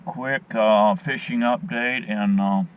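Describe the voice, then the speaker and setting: Fishing on a dock, a middle-aged man holds up his phone and rambles casually to the camera in a fairly low, steady voice, taking his time. He's folksy and opinionated with lots of fillers, and the low-quality recording carries a little hiss or hum.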